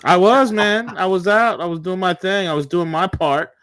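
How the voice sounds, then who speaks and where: A man's voice: high voice, fairly even intonation, moderate pace, a bit bright, clear, resonant tone, dry recording. A man co-hosting a political talk show, ranting combatively and sarcastically.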